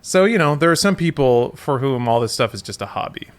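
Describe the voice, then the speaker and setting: A man's voice: medium pitch, lively intonation, fairly quick, clean tone. A man in his thirties co-hosting a podcast, musing aloud in a loose, rambling casual chat and often correcting himself. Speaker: podcast co-host.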